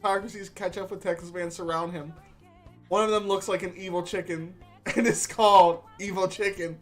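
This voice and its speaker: A man's voice: high-pitched, fairly even intonation, moderate pace, a bit bright, faint music behind. Man reading a story aloud, amused. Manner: amused, often laughing while reading. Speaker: streamer.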